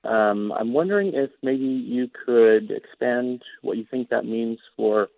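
A man's voice: medium pitch, unhurried, gravelly, dry recording. A man from Oregon calling into a radio show, asking a question hesitantly with many ums and uhs. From Oregon, USA. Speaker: caller. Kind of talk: call-in question. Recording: tinny dry phone line.

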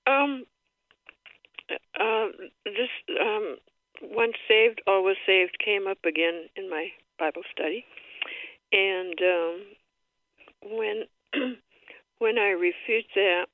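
Lady caller on a tinny phone line, slow and unsure, ums and throat clearing. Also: medium pitch, dry recording. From Seattle area. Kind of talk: phone-in question.

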